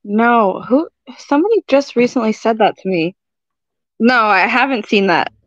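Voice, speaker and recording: A woman's voice: a little high, lively intonation, normal speed. A jokey woman guesting on a podcast, chatting casually and cussing with ease. Her voice comes through slightly dull and lo-fi, and the sound is dry, with no room echo. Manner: jokey, laughs often, swears casually. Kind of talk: casual chat.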